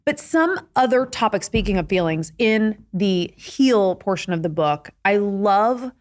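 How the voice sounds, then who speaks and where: A woman hosting a podcast interview, chatting in a casual, enthusiastic way with quick eager agreement. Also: medium pitch, lively intonation. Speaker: podcast host.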